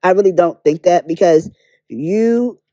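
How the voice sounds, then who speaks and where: A woman's voice: fairly low pitch, a little slow, dark tone, no room sound, muffled recording. A woman giving her candid, blunt opinions in a casual commentary vlog, swearing freely. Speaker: beauty drama commentator.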